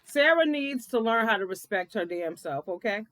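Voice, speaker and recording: A woman giving a blunt, profane, animated recap of a reality TV episode, laughing often as she talks. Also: fairly high pitch, moderate pace, no echo. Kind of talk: casual episode recap commentary.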